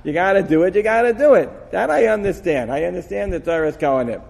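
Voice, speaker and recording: A man giving an animated Torah lecture, acting out dialogue with frequent laughs. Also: high voice, fast talker, creaky. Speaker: Torah teacher. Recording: long hall reverb.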